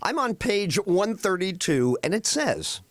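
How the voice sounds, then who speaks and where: High, wildly animated man hosting a radio show. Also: unhurried, no room sound, studio quality. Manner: animated, storytelling with acted-out voices. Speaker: radio talk show host. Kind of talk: excitable radio chat.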